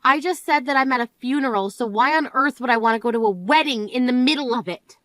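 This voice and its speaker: Grieving older sister played by a woman, high voice, reproachful, scolding, drama voice acting. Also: quick pace, fairly bright tone, no room sound.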